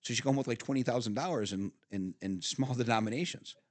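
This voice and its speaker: Middle-aged man, podcast guest, salty animated storyteller, dry close studio sound. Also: medium pitch, fast, dry recording. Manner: animated storyteller, swearing, frequent laughs and restarts. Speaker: podcast guest, father of the host. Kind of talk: casual storytelling chat.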